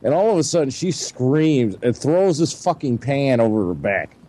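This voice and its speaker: A man's voice: mid-range voice, lively intonation, moderate pace, dark tone. Laid-back profane man telling a story. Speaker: radio show co-host. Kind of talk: casual storytelling chat.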